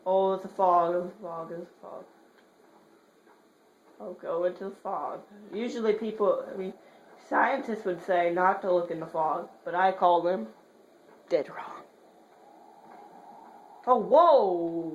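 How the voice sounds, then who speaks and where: A woman giving horror game commentary, swearing in rapid repeated bursts and joking while muttering quietly between outbursts. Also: medium pitch, highs cut off. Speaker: gamer. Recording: roomy echo, faint hiss.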